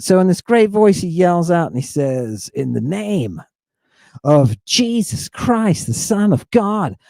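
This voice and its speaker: A man hosting a fired-up monologue, reading ancient Greek text aloud in a combative, theatrical way, swinging between loud outbursts and hushed asides. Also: fairly high pitch, dry recording. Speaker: show host.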